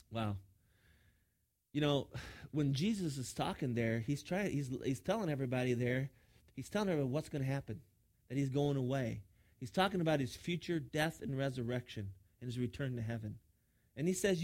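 A man's voice: mid-range voice, fairly quick. A man preaching a sermon as pastor, emphatic, often repeating his words as he drives a point home.

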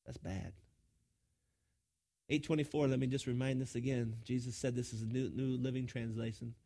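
A man's voice: mid-range voice, little pitch movement, fast talker, warm tone. A man preaching a sermon as pastor, emphatic, often repeating his words as he drives a point home.

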